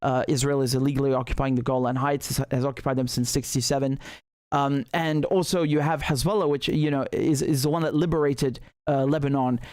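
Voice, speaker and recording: A man's voice: mid-range voice, steady tone, fairly quick, darkish tone, clear, resonant tone, no room sound, studio quality. A male host giving heated, emphatic political commentary on a livestream, often restarting his sentences.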